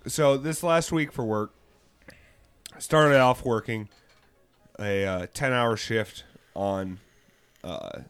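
A man's voice: medium pitch, slow, pauses often, fairly bright tone, clean tone. A man co-hosting a podcast, telling a rambling work story in casual chat. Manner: rambling storytelling with fillers and restarts. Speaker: podcast co-host.

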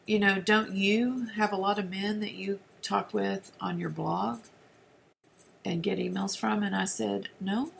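A middle-aged woman telling a personal faith testimony in an earnest way, with many restarts and soft drops toward a whisper. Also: on the low side, vocal fry, slight background noise. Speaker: speaker sharing a personal testimony.

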